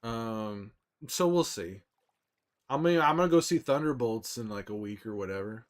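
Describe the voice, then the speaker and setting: A laid-back young man talking to his live-stream chat, greeting viewers by name and rambling about food and movies. His voice sits at a middle pitch, and his delivery is loose and conversational. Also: normal speed. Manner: relaxed, rambling, chatty, answers chat by name.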